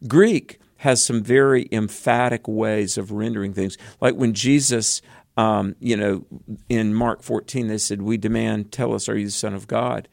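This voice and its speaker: Gravelly-voiced radio host, folksy. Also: male voice, fairly low pitch, fairly even intonation, a little slow, a little mellow, no echo, clean studio sound. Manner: folksy, emphatic, lots of amens. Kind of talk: radio Bible study chat.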